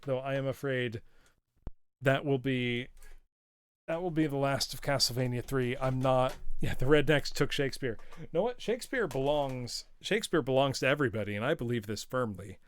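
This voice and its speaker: A man's voice: mid-range voice, moderate pace. An American man hosting a live game stream, telling a story casually and laughing often. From United States. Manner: chatty storyteller, laughs often, reads chat aloud. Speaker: streamer host. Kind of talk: casual live-stream chat while gaming.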